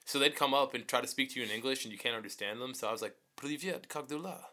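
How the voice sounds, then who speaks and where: A man's voice: mid-range voice, fairly even intonation, racing, pushed and bright. A young man chatting casually with friends in loose, profane slang. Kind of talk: casual chat among friends.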